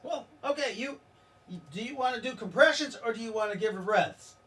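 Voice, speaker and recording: A man voicing a lecherous male doctor who gives brisk bedside reassurances, heard from a distant mic. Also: very high-pitched, lively intonation, fairly bright tone, voice pushed up. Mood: clinical.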